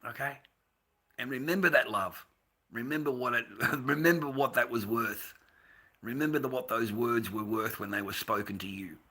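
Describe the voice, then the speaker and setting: A middle-aged man talks straight to his livestream audience, blunt and profane, circling back on himself with stammered restarts. His voice is very bright and sharp-edged. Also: medium pitch, normal speed, slightly rough. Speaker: livestream host. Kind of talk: casual livestream rant.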